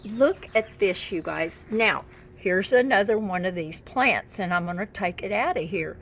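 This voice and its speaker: A woman's voice: medium pitch, animated, measured pace, fairly bright tone, a little hiss or hum, low-quality recording. A woman chatting casually to her viewers outdoors in her backyard garden, fond of her plants. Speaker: gardening vlogger. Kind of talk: casual show-and-tell chat.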